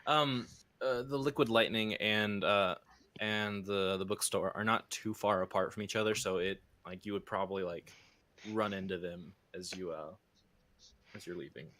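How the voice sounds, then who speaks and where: Rambling male game master, lowish voice. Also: fairly even intonation, moderate pace, a bit bright. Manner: rambling, many fillers and restarts. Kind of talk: narrating a tabletop game.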